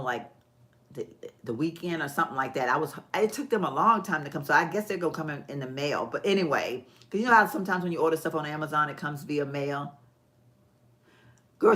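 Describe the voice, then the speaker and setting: A woman with a low, warm-toned chats with her live viewers while painting her nails. She talks loosely and folksily, laughs easily, and addresses her audience like close friends. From Texas. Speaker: vlog host. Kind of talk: casual livestream chat.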